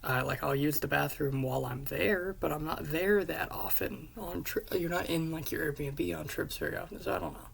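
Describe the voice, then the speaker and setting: A man's voice: on the high side, animated, moderate pace, vocal fry, few pauses, a bit bright, slight background noise. A young man telling a rambling casual story about a trip, with many fillers and restarts. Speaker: vlogger.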